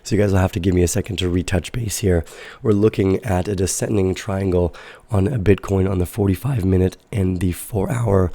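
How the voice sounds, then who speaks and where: Man, sick and raspy, low gravelly voice, dark tone, casual livestream host, rambling delivery. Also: dry recording. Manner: relaxed, rambling with fillers. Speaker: crypto trading livestream host. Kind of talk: casual livestream market analysis.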